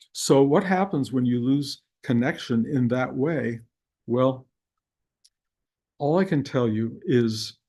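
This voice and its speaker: A man's voice: mid-range voice, a little mellow. An older man, a spiritual teacher, giving an earnest, conversational talk to a class over a video call. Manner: earnest, conversational, slips into acted inner voices.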